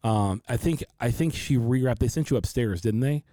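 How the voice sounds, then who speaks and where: A man's voice: medium pitch, normal speed, warm tone, dry recording. A man co-hosting a podcast, earnestly telling a frightening family story and acting out what others said. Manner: earnest, quotes others animatedly. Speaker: podcast co-host. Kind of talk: emotional storytelling.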